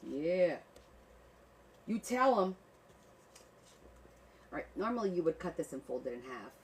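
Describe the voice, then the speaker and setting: A woman's voice: fairly low pitch, big pitch swings, unhurried, low-quality recording. A woman hosting a crafting livestream, chatting playfully with viewers and laughing while she works. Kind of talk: casual chat while crafting.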